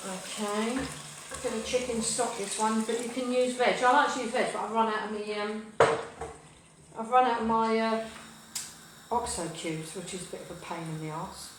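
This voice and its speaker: Rambling woman in an echoey kitchen. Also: a little high. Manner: chatty, rambling, lots of fillers and asides. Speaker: cooking show host. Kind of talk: live cooking chat with storytelling. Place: home kitchen. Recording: very echoey kitchen, mic far off, cooking noise. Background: frying and sizzling, stirring.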